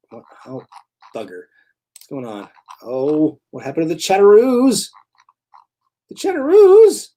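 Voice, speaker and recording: Rambling, chuckling live-stream host. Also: male voice, medium pitch, a little mellow. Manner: rambling, self-correcting, chuckles often. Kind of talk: casual live-stream chat, reading viewer donations.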